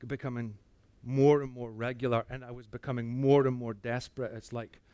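A man telling a personal faith testimony, earnest, dropping to a hush and then rising again. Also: medium pitch, brisk, clear, resonant tone, no room sound. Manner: earnest storytelling that swings between hushed and animated. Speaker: speaker giving a testimony.

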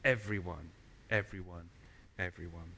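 A man preaching a sermon in a church, telling stories with animated, loud emphasis. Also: low-pitched, a little slow, gravelly, slight background noise.

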